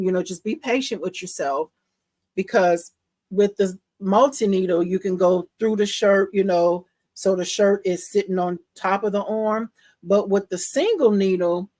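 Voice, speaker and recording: A woman chats slowly and easily to her live-stream viewers, saying "y'all" often. She squeals and laughs when something looks cute, then settles into patient explaining. The sound is dry and close, with no room around it. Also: mid-range voice, no room sound. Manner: reads viewer comments aloud. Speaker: livestream host showing embroidery. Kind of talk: casual live-stream chat.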